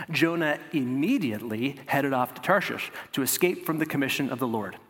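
A man's voice: mid-range voice, a bit bright. A man preaching a sermon, reading scripture and breaking off into casual, conversational asides. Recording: long hall reverb.

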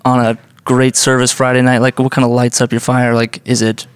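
Male interviewer, average pitch, dry recording; loose, rambling questions. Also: completely flat delivery, brisk, smooth, no room sound.

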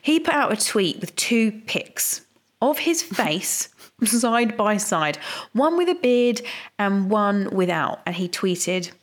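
A woman's voice: mid-range voice, big pitch swings, slow. A woman co-hosting a casual chat, wry and chatty as she goes through the news. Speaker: podcast co-host.

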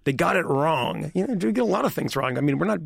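A man's voice: fairly high pitch, lively intonation, quick pace, gravelly, breathy edge, no room sound, clean studio sound. A man on a podcast panel talking politics in casual chat, rambling and interrupting himself with repeated words.

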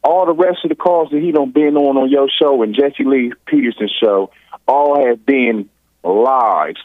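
A man's voice: mid-range voice, unhurried, no echo. A man from Ohio calling in, rambling and tacking "or whatnot" onto everything. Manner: rambling, says "or whatnot" constantly. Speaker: caller. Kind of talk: rambling phone call. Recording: tinny phone line.

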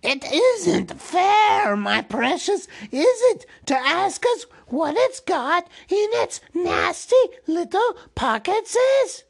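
A man voicing a small, sly, desperate creature that hisses, wheedles and shrieks in a high, strained voice, reading from a storybook. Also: sing-song, takes it slowly, vocal fry, hardly any pauses, exaggerated voice. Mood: shrieking. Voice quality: hissing, shrill.

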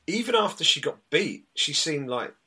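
Chatty British man, bright voice. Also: on the high side, very animated, normal speed, breathy edge. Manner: chatty, rambling with many fillers. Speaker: podcast co-host. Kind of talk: casual chat, recapping results.

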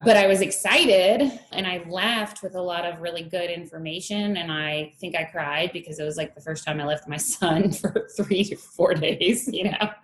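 Woman guest, 30s, lowish voice, candid storyteller, echoey room with faint hum; laughs easily. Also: normal speed, few pauses. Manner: candid, laughs often, acts out her past thoughts. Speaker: strength coach, guest. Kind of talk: conversational interview storytelling.

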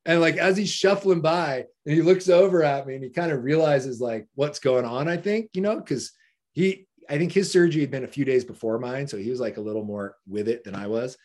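Man, podcast guest, casual storytelling, profane, laughing, mid-pitched voice. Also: fairly quick, a little mellow. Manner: profane, laughing, heavy use of "like".

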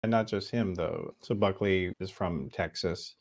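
A man's voice: sits low, a little slow. A man hosting a podcast interview, talking through ideas in a conversational, thinking-aloud way. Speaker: podcast host.

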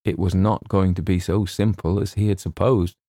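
A man reading a comic short story aloud in a measured, wry storytelling manner. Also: low-pitched, steady tone, mellow, no echo, clean studio sound. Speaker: audiobook reader. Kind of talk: scripted narration.

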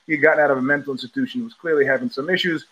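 A middle-aged man hosting his own live show from home, talking in loose digressions with frequent restarts, blunt profanity and quick laughs. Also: medium pitch, steady tone, fairly bright tone, low-quality recording. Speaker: podcast host. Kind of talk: rambling live-stream monologue.

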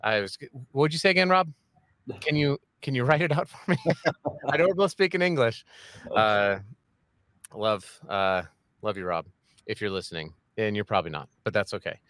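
A man's voice: on the low side, normal speed, fairly bright tone, dry recording. A man hosting a podcast interview, chatty and jokey, with rambling asides. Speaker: podcast host. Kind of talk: casual interview chat.

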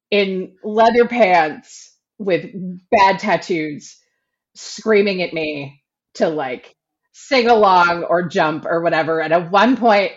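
A woman around forty, co-hosting a podcast and telling stories in casual chat with a lot of laughter. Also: medium pitch. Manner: animated, laughing storyteller. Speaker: podcast co-host. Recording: dull lo-fi audio.

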